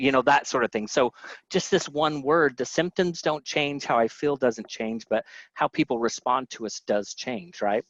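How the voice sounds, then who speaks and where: A man teaches in a relaxed, conversational way, often restarting his sentences and asking his audience questions. The voice is close and dry, and the sound is slightly muffled, like webinar audio. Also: mid-range voice, normal speed, no room sound. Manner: conversational, many fillers and restarts. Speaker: webinar presenter.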